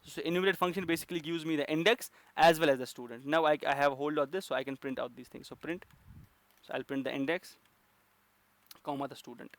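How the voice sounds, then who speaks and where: A man's voice: fairly high pitch, fast talker, dry recording. A man teaching a coding lesson, explaining step by step with frequent fillers and restarts. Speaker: programming instructor.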